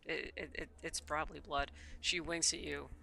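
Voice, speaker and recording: Bright-voiced woman streamer rambling. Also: deep voice, little pitch movement, moderate pace, vocal fry. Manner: rambling asides with stammered repeats. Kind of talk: reading a visual novel aloud with commentary.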